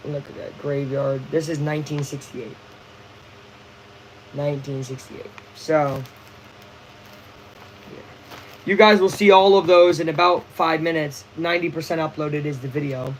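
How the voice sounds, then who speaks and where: A young man hosting a casual live baseball watch-along, chatty and excitable, full of slang. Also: on the high side, a little slow, long pauses, a little hiss or hum, low-quality recording. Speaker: livestream host.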